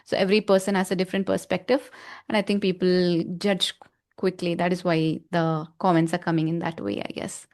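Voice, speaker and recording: A woman's voice: lowish voice, level tone, fairly quick, darkish tone. A woman hosting an interview, listening attentively and affirming her guest often. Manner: attentive, frequent affirming backchannels. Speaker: interview host. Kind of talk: conversational interview.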